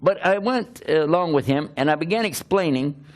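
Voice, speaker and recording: An older man, a preacher, telling a humorous personal story in an animated, self-mocking way, often laughing as he talks. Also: on the high side, normal speed.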